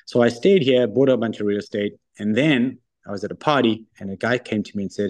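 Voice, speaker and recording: A man's voice: on the low side, a little mellow. A middle-aged man, a company founder, telling stories with confidence as a guest in a casual interview. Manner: confident, brisk anecdotal storytelling. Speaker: guest, wealth firm founder.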